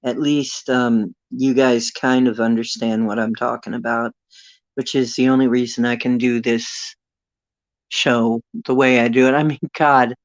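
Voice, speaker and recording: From her bedroom, a woman with a rumbling low voice and steady tone hosts a livestream, rambling unhurriedly as she reads viewer comments. Her phone delivers dull lo-fi audio with no echo.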